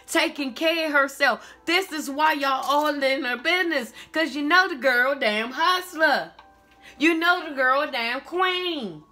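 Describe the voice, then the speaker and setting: A woman's voice: sits high, sharp tone. A woman giving a tarot reading, talking in a sassy, emphatic way with lots of repeated call-outs. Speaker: tarot reader.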